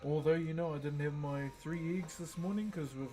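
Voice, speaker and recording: A man's voice: a little high, fairly even intonation, normal speed, dark tone, faint music behind, poor audio. Laid-back New Zealand man chatting on stream. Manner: laid-back, greets chat viewers by name. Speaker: livestream host. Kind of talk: casual livestream chat while wood carving.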